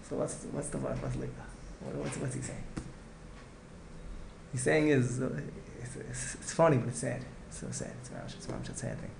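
Casting: male rabbi, gravelly and rapid, earnest lecture style, echoey room. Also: mid-range voice, wildly swooping pitch, background noise. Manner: earnest, repetitive, restarts phrases, mixes in Hebrew and Yiddish words. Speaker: rabbi giving a Torah class. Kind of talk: heartfelt Torah lecture. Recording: echoey room with faint ambience.

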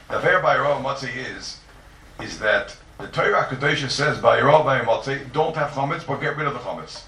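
A man's voice: mid-range voice, pushed and bright, a little hiss or hum. A man teaching a Talmudic lecture, emphatic and repetitive, posing rhetorical questions and stressing his points. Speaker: Torah teacher. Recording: echoey room, distant mic.

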